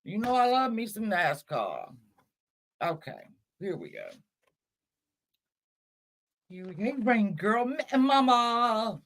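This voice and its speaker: A woman's voice: mid-range voice, wildly swooping pitch, takes it slowly, long pauses. A woman hosting a casual livestream, chatting with her viewers in a scattered, chatty way, with cursing and self-mocking asides. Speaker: livestream host.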